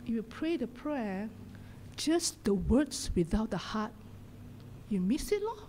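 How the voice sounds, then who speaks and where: Woman pastor with a Singaporean lilt, fairly high voice, fervent preaching into a church mic over faint room ambience. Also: very animated, takes it slowly, a little hiss or hum. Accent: Singaporean English. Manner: impassioned, shifts between loud exhortation and hushed whispers. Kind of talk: sermon. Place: church sanctuary.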